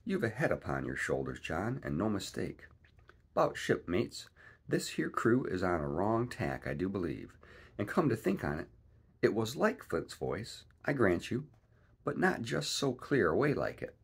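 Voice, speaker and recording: A man's voice: fairly low pitch, sing-song, unhurried, vocal fry, slightly rough, pitched above the performer's own voice, full character voice. A man voicing a frightened, superstitious pirate sailor who speaks in nervous, eager bursts. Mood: uneasy.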